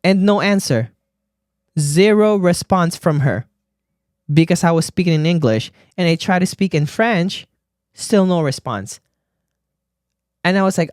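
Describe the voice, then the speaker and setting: A man's voice: high voice, expressive, a little slow, long pauses, a little mellow, smooth, no echo. A man, a nurse hosting his own podcast, chatting in a sassy, gossipy way straight to his listeners from a studio. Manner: sassy, chatty, calls listeners bestie and baby. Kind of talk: casual solo podcast chat. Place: recording studio.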